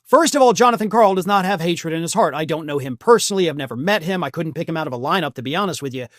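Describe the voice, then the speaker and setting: A man's voice: fairly high pitch, animated, racing, no echo, studio quality. A man hosting a political commentary show, talking in a scornful, heated and mocking way. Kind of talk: opinionated news commentary.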